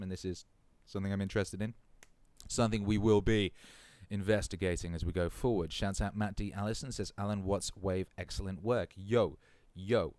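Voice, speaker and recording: A man's voice: on the low side, smooth, no room sound. A man hosting a casual live stream, reading out chat comments in a laid-back way and swearing freely.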